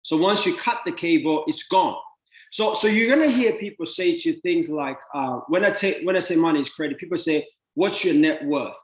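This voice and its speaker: A man giving an animated motivational talk about money, often repeating words and acting out little exchanges with other people. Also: a little high, normal speed, echoey room, rough recording. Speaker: speaker teaching about money.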